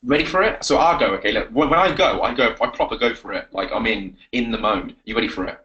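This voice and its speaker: A man coaching on a live webinar, energetic and repetitive, giving pep talks. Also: mid-range voice, quick pace, highs cut off. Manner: energetic, pep-talking, repeats himself. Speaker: confidence coach.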